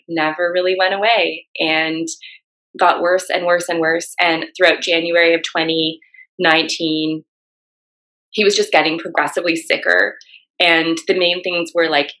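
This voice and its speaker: A woman's voice: on the low side, fairly even intonation, normal speed, sharp tone, poor audio. A young woman co-hosting a candid talk about grief. She tells her own story in a rush, full of "like" fillers. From Canada. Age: young adult. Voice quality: frequent "like" fillers, emotional storytelling. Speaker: co-host.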